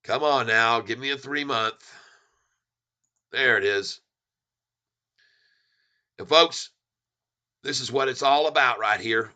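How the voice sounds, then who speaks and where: Bright-voiced excited stock chart commentator. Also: male voice, medium pitch, slow pace, pauses often. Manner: excited, folksy, repeats himself for emphasis.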